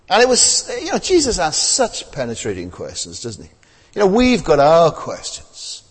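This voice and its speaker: A man's voice: a little high, wildly swooping pitch, normal speed, husky, long reverb tail. A man preaching a sermon in a conversational way, full of tag questions and fillers.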